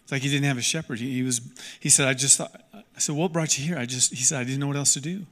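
A man's voice: medium pitch, quick pace, fairly bright tone, long reverb tail. A man preaching a sermon as a pastor, earnest and emphatic, repeating key lines and restarting sentences as he goes.

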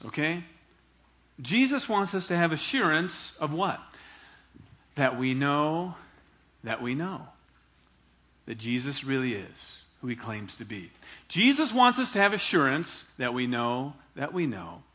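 A man preaching a sermon in a conversational, animated way, asking the congregation for responses and acting out quoted voices with big swings in pitch and loudness. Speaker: pastor.

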